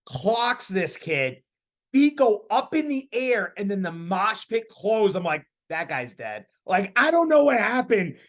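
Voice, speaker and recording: A man in his thirties, a podcast host, telling a story in casual chat, animated and laughing as he talks. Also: high-pitched, a little slow.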